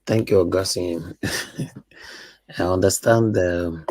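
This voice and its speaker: Deep husky Nigerian man host. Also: takes it slowly, a little mellow, dry recording. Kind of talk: call-in talk show hosting.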